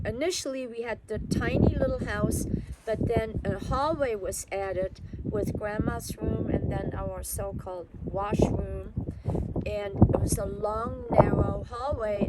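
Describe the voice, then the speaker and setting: A woman from Germany, reflectively and candidly recounting her life story in an interview. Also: medium pitch. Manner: reflective, candid, wry at times. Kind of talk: personal oral history. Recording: loud background noise, passing vehicles.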